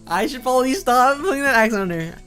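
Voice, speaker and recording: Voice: high voice, a bit bright. A game streamer chatting loosely while playing, breaking into giggly, self-mocking asides between read lines. The voice swings up and down freely. Faint game music plays underneath. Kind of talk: casual live-stream chat while reading game dialogue.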